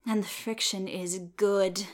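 A woman reads a story aloud, taking her time over each sentence. Her voice sits at an ordinary middle pitch and stays even and measured throughout. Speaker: reader. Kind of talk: reading fiction aloud.

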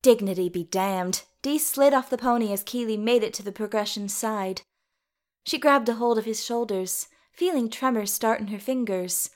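A woman reading a story aloud in a steady, even narration. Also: on the high side, normal speed.

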